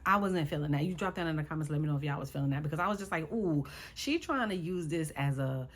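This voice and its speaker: A woman's voice: sits low, expressive, fast talker. A woman recapping a reality show in casual chat, sassy and exasperated as she talks to her viewers.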